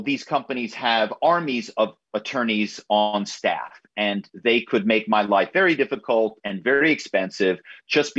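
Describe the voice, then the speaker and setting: A man talking as an author and guest in a radio interview, often halting and repeating words as he starts. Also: lowish voice, a bit bright, slightly rough, lo-fi sound.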